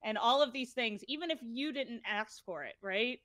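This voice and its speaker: A woman's voice: fairly high pitch, animated, moderate pace, a bit bright, dry recording. A woman hosting an interview, laughing easily and asking a long question full of fillers. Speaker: interviewer, summit host. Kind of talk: conversational interview.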